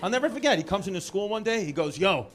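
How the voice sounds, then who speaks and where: A man's voice: high-pitched, animated, very fast, background noise. A man in his thirties with a New York accent doing rambling, brash stand-up crowd work on a theater stage, swearing and riffing with the audience. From Brooklyn. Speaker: stand-up comedian. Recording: live theater with loud crowd laughter.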